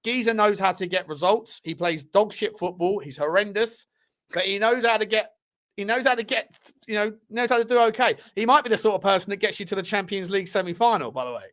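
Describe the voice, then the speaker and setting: Chatty man hosting a football stream. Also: sits high. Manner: animated, quick, many fillers and restarts. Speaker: host. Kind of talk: casual football chat on a live stream.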